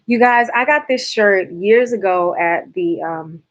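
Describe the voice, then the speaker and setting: A woman's voice: fairly low pitch, unhurried, lo-fi sound. A woman from Georgia with a light Southern accent, chatting playfully with her viewers in a casual livestream. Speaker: host.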